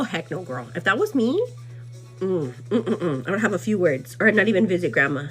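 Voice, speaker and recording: A young woman hosting a live vlog, rambling in a gossipy, casual way, full of "like" and "you know what I mean," animated and quick to laugh. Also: soft background music. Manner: animated and laughing, pitch jumps up when riled. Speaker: livestream host.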